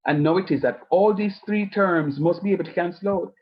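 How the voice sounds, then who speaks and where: Man, math teacher, patient step-by-step explaining, slightly high voice, dull lo-fi audio. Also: fairly quick. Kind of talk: online math lesson. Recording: lo-fi online class audio.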